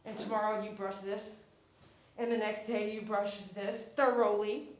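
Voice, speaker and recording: A woman's voice: mid-range voice, level tone, moderate pace. A woman dog groomer giving a chatty, instructive grooming tutorial and sometimes cooing to the dog she works on. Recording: echoey room, faint background noise.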